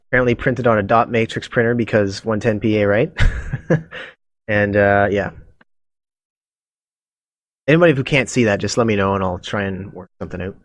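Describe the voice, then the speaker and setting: A man's voice: fairly low pitch, no echo. Male game master, casual and chuckling, dry close mic. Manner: relaxed, laughing, filler-heavy. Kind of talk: running a tabletop game online.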